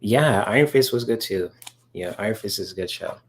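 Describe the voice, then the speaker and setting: An animated man with a voice on the low side speaks briskly as he hosts a relaxed livestream. He answers viewer chat questions at length, enthusing about comics and leaning on many fillers.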